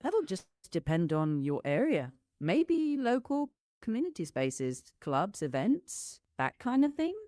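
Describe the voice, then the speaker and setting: A synthetic woman's voice with a British accent, an AI assistant answering a streamer calmly and politely. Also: medium pitch, dry recording, studio quality. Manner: calm, polite, measured replies. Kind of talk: chat with a streamer.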